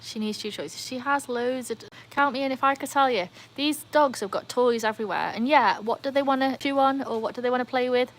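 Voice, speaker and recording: A woman hosting a casual livestream by her pool, chatting excitedly and answering viewer comments. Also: sits high, brisk, few pauses. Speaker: livestream host. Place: outdoors by a backyard pool. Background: faint outdoor ambience, dogs.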